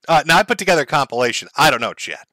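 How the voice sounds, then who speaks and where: A man's voice: on the high side, sharp tone, no room sound. A man hosting a live stream, giving sarcastic, mocking commentary and laughing often. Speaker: streamer host.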